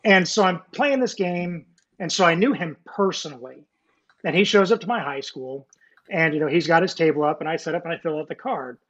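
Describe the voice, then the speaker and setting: A man's voice: a little high, brisk, a bit bright. A man in his forties, a former Navy nuclear technician, telling his story in a casual interview, rambling with many fillers and restarts and joking about being a nerd. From United States. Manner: nerdy, self-deprecating. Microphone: video call. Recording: muffled video call audio.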